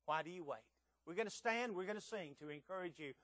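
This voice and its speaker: Earnest high-voiced male preacher. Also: fast talker, fairly bright tone, dry recording. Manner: earnest, emphatic rhetorical questions. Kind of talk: sermon.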